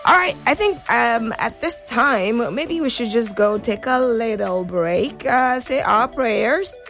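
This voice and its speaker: A bubbly woman running a morning radio phone-in jokes with callers and occasionally takes on a sing-song lilt. Her voice is a little high, a bit bright and expressive, delivered slowly over soft background music.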